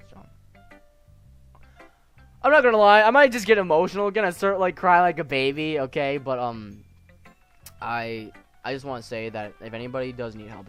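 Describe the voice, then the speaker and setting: A teenage boy from the United States, a gaming streamer, talking earnestly in halting let's play commentary with many restarts. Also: mid-range voice, a bit bright. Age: teens.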